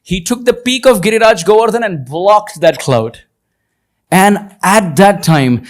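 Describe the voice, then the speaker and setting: A man with a notably high-pitched voice leads a devotional talk at a retreat. He intones verses slowly and then unpacks them word by word, with firm emphasis. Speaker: spiritual teacher. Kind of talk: devotional lecture. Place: retreat hall, before a live audience.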